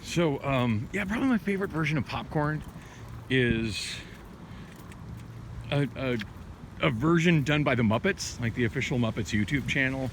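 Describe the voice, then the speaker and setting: A man's voice: medium pitch, lively intonation, normal speed, pauses often. Rambling male night-walk vlogger, candid and profane, phone mic, wind and street noise. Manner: rambling, many restarts and fillers, candid and profane. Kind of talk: rambling late-night walking vlog. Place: city street at night, outdoors, walking. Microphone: handheld phone. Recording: windy outdoor phone audio.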